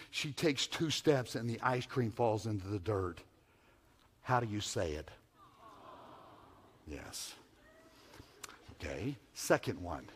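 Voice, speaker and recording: A man preaching a sermon, repeating key phrases and swinging from hushed tones to loud calls. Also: mid-range voice. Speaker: pastor.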